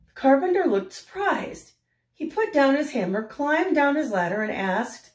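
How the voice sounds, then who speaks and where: An older woman reading a picture book aloud in a gentle way, pausing to ask the listener questions. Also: high-pitched, sing-song. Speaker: storyteller. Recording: roomy echo.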